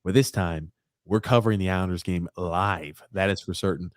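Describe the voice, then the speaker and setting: A man's voice: low voice, normal speed, dry recording, clean studio sound. A man co-hosting a live hockey watchalong podcast, with a New York accent, teasing his co-host and reading viewer comments aloud. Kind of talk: live game watchalong chat.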